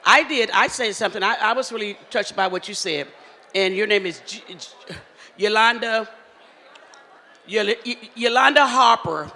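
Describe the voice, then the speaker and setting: A man, emceeing a live event with loud, teasing crowd banter on a handheld mic. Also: sits high, moderate pace. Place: large hall at a live event. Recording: echoey hall with faint ambient noise.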